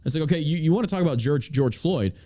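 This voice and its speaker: Male podcast host, angry profane rant, lively pitch, warm dark tone. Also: fast. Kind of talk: casual podcast chat.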